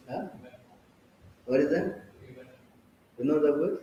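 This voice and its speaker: A man's voice: a little high, normal speed, pauses often, mellow, very echoey, far from the mic, lo-fi sound. A man giving a scripture class, firing questions at his listeners and teasing them when they don't answer. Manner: quizzes and teases listeners. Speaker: preacher.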